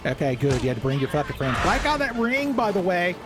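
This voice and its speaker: A man giving loud, profane, joking commentary while playing a video game. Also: sits high, sing-song, quick pace. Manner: loud, profane, jokey, yelling at enemies. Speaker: gaming streamer. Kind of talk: casual gameplay commentary. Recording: gameplay music behind voice.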